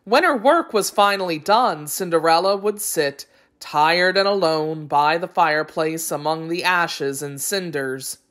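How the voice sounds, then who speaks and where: A woman narrating a children's fairy tale aloud in a clear, expressive read-aloud style. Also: deep voice, a little slow. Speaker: story reader. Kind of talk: storybook narration for young children.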